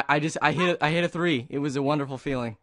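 A man with a somewhat high voice chatting through his gameplay, excitable and jokey. He bursts into mock-dramatic cheers and groans as he goes. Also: fast. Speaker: gaming video creator. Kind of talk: casual gameplay commentary.

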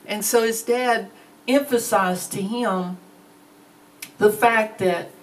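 A woman's voice: medium pitch, far from the mic, slight background noise, low-quality recording. A woman teaching a Bible lesson in a plainspoken, conversational way. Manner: slow, plainspoken, conversational with fillers.

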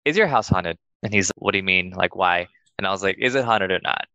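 A young man casually telling a ghost story to friends, animated and acting out the voices he quotes. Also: fast, clear, resonant tone, no echo, muffled recording. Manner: animated, acts out quoted voices in higher pitch.

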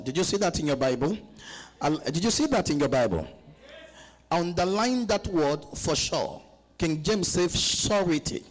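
A man preaching a sermon at a church conference, urging the congregation to answer him back and reading scripture slowly and deliberately. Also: a little high, lively intonation, low-quality recording. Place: church conference, captured live.

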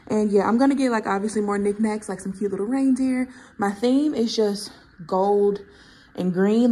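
A woman's voice: medium pitch, normal speed, mellow, husky, rough recording. A woman in her twenties, a lifestyle vlogger, chatting casually and venting in slangy talk full of fillers. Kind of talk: casual vlog chat.

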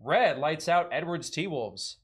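A man's voice: fairly high pitch, animated, measured pace, slightly rough. A young man hosting a live card break, chatty and laughing often as he calls out cards. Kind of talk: casual live-stream chat.

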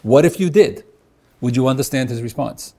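A man's voice: medium pitch, dark tone, breathy edge. A middle-aged man, a marriage therapist, lecturing at a workshop, asking the audience questions and acting out both husband and wife in his examples. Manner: asks the audience rhetorical questions and pauses on them.

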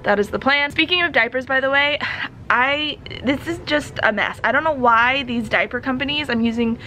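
Young woman vlogging, chatty and laughy, kinda out of breath, bright highish voice. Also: moderate pace, faint music behind. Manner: chatty, animated, laughs often. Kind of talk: casual chat to camera.

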